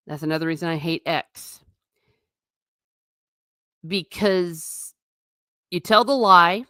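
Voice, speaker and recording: A woman hosting a casual livestream, rambling in an animated way and talking straight to her viewers in chat. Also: fairly low pitch, no room sound, studio quality. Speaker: livestream host.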